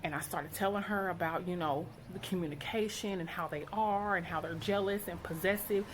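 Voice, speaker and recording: Outspoken storytelling mother, lowish voice. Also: a little fast, slight background noise. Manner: animated, outspoken, quotes people in character. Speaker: vlogger, mother. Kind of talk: casual storytelling to viewers.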